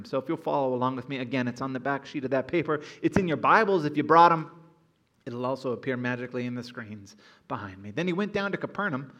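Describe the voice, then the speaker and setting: A man preaching a sermon as pastor in a church auditorium, earnest and emphatic. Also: medium pitch. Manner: earnest, building to emphatic exhortation.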